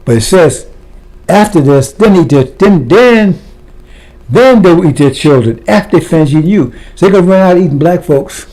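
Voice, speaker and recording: A man's voice: on the high side, expressive, moderate pace, dark tone. A man preaching a fiery sermon, blunt and impassioned, firing rhetorical questions at his listeners.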